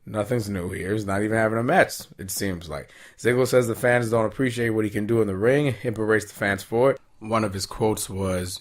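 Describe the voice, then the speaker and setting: A young man talks through a wrestling episode in a loose, casual recap. He is chatty and amused, and now and then he jumps into a high, excited impression of the wrestlers.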